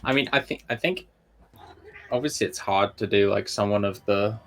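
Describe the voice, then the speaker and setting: A man chats casually with his fellow players, full of jokey banter. His voice sits a little low. He talks loosely, with plenty of asides. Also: normal speed, a bit bright, a little hiss or hum. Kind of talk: casual chat between players.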